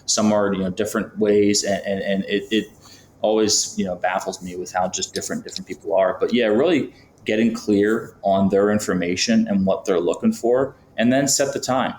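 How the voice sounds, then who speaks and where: A man's voice: lowish voice, steady tone, moderate pace, a little mellow, slight background noise. A man from Florida, a podcast guest talking casually with lots of fillers and acting out sample phone calls. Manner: chatty, many fillers, acts out phone calls. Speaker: podcast guest, business founder. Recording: roomy, faint background ambience.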